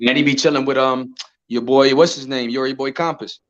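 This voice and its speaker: A man chatting loosely about boxing, full of slang and jokes. His voice comes through a slightly dull call line. He sits at a middling pitch and keeps it easygoing. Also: steady tone, brisk, fairly bright tone, no room sound. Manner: loose slangy banter, jokey impressions. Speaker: boxing show co-host. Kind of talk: casual chat.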